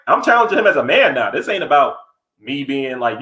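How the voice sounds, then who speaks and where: A man co-hosting a podcast in casual chat, blunt and animated, acting out heated quotes. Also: mid-range voice, fairly quick, echoey room, slight background noise, low-quality recording. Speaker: podcast co-host.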